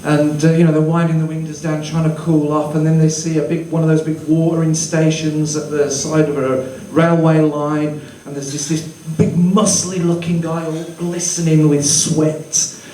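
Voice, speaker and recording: A man's voice: fairly high pitch, little pitch movement, normal speed, hardly any pauses, warm tone, a little hiss or hum. A man in his fifties from Birmingham, with a Birmingham accent, telling rambling, self-mocking stories in a stand-up set. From Birmingham, England. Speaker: stand-up comedian. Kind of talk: stand-up comedy. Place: small comedy venue. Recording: echoey room, distant mic, faint ambience.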